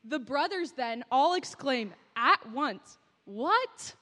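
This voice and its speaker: A woman's voice: high voice, animated, a little slow, fairly bright tone, big-room sound. A woman narrating and directing a Bible skit, coaching the actors cheerfully and often laughing.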